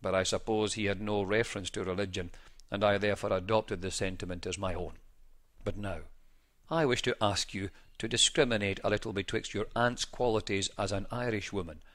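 Male reader, low voice, measured formal delivery of an old account. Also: steady tone, fairly bright tone. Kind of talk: scripted reading of an old first-person account.

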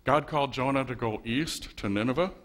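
A man's voice: medium pitch, fairly quick, a bit bright. A man preaching a sermon as a pastor in a church, wry and conversational, leaning on rhetorical questions. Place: church sanctuary.

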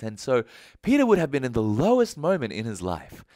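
A man preaching a sermon as pastor, telling the story with lively flair and acting out what the people in it say. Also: fairly quick, no room sound, studio quality. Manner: animated storytelling, acting out quotes with big swings in pitch and volume. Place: church hall.

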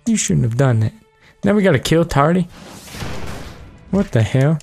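A man's voice: a little high, animated, moderate pace, vocal fry, pauses often, a little mellow, soft background music. A man giving joking, profane let's play commentary as host of a gaming video. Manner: joking, profane, reacting aloud.

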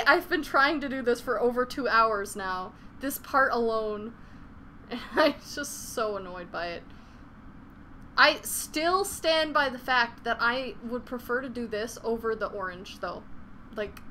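A young woman streams a game live, swearing freely and venting frustration between laughs. Her voice is on the high side, bright and forceful, with slight background noise.

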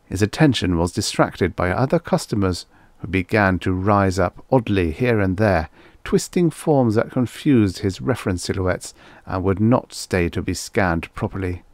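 A man narrating a vintage science fiction audiobook in a measured, expressive storytelling voice. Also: sits low, no room sound. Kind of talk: scripted narration.

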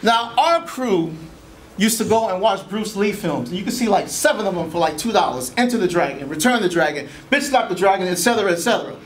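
A man's voice: high voice, lively intonation, fairly quick, a little hiss or hum. A man in his forties telling comic stories on stage, with a playful, wry manner. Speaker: solo performer.

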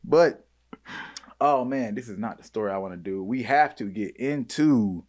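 A man's voice: medium pitch, normal speed, darkish tone. A man in his thirties hosting a casual podcast, talking in a laid-back, slangy way and laughing often. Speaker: podcast host.

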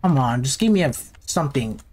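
A man's voice: medium pitch, expressive, fast, a little mellow, slight background noise. A man giving nervous, jumpy commentary while playing a horror game, talking to himself. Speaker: gaming YouTuber.

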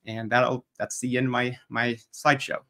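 A man's voice: medium pitch, level tone, moderate pace, fairly bright tone. A man giving a debate opening statement, working methodically through prepared slides and making pointed jabs at his opponent.

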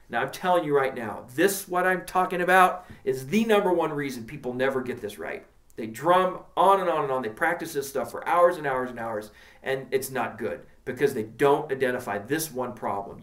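A man's voice: mid-range voice, lively intonation, normal speed, very noisy. A man teaching a drum lesson, coaching emphatically and counting out patterns as he demonstrates. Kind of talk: instructional lesson.

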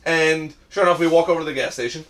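A man hosts a podcast in loose, casual chat, spinning stories at a rapid clip. His voice rides slightly high for a man. He keeps checking in with the listener, tossing "right?" into nearly every turn. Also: fairly bright tone. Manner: rambling, quick, peppers talk with "right?". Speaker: podcast host.

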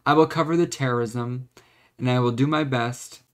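A man's voice: medium pitch, moderate pace. A young man in his twenties venting in a confessional vlog, rambling, choked up and close to tears, with frequent restarts. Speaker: vlogger.

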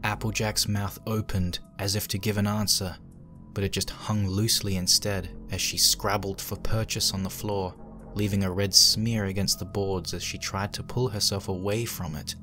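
Low male horror reader, hushed, faint music underneath. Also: flat delivery, normal speed. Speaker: fanfic reader. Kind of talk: dramatic horror narration.

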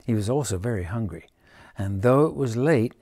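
A man reading a children's picture book aloud, gentle and dramatic. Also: medium pitch, expressive, normal speed. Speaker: storyteller.

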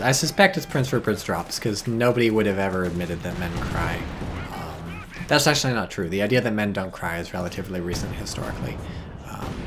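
Low-voiced, profane gaming streamer. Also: male voice, noisy background. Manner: rambling, profane and sardonic; reads chat messages aloud. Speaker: game streamer. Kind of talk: casual live-stream commentary.

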